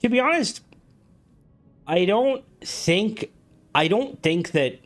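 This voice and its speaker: A man's voice: high-pitched, lively intonation, slow, soft background music. A man streaming and chatting casually, rambling with lots of fillers, restarts and swearing. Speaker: game streamer. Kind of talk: casual live-stream chat.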